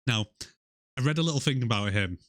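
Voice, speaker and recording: A man's voice: mid-range voice, lively intonation, fairly quick, no echo, studio quality. A man from Britain, co-hosting a casual movie review podcast, laughing often and keeping it loose. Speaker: podcast co-host.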